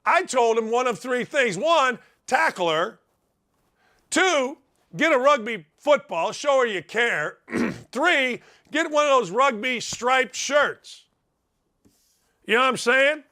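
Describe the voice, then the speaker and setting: A middle-aged man hosting a sports talk show, giving a brash, folksy, animated monologue and ribbing his listeners. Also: very high voice, takes it slowly. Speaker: sports radio host.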